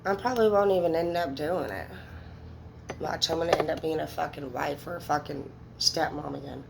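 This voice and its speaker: A woman's voice: low voice, a little fast, gravelly, background noise. A woman in her thirties speaking candidly and emotionally to her viewers as a tarot reader, swearing freely. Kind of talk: casual monologue to viewers.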